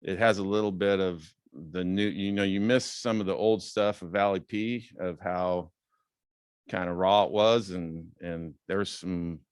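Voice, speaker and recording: A man in his fifties giving a casual talk as a guest speaker, relaxed and rambling with many fillers, lifting his voice when quoting others. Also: sits low, clean tone, no room sound, clean studio sound. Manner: acts out quoted dialogue in a raised voice. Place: club meeting room.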